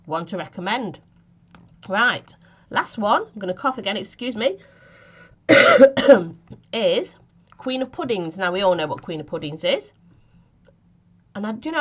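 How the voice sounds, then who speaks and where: A woman's voice: medium pitch, dull audio. Casual woman vlogger, giggly and self-deprecating, with a lingering chesty cough. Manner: chatty, giggly, self-mocking. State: recovering from a chest infection, coughing. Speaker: vape juice reviewer. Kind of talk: casual review vlog.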